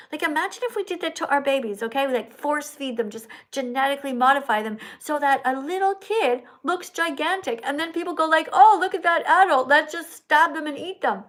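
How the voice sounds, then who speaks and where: A woman's voice: high voice, a bit bright. An older woman hosting a livestream, preaching emphatically about animals and reading out viewer messages, at times breaking into song. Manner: preachy, emphatic, bursts into singing. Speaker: livestream host reading super chats.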